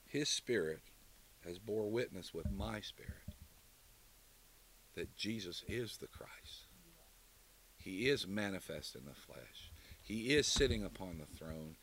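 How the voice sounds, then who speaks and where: A man preaching a sermon and closing in prayer, emphatic, building to loud declarations and dropping low again. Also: animated, unhurried, a little hiss or hum.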